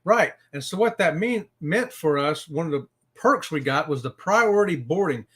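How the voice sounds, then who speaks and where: Man, high and lively pitch, casual live stream co-host, chatty and upbeat. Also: moderate pace. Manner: lively, greets chat viewers, says y'all.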